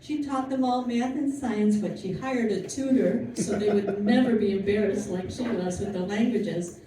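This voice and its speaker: Speaking at normal speed in a mellow, medium-pitched voice, a female lecturer tells history stories to an audience in a chatty way, full of asides and fillers. The recording comes from a distant mic in an echoey, faintly noisy room.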